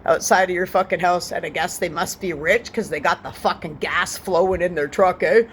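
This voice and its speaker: A woman's voice: on the low side, steady tone, normal speed, a little hiss or hum. A woman in her forties in a scattered, profane, mocking rant, defiant and sneering. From Canada. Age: 40s. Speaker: vlogger. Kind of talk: ranting vlog monologue.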